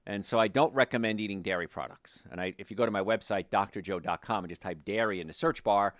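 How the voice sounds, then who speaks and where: A man's voice: fast talker, no room sound, studio quality. A man hosting a health talk show, speaking casually and telling stories about his patients. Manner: animated, storytelling, quotes patients in lowered voice. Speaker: health show host, doctor.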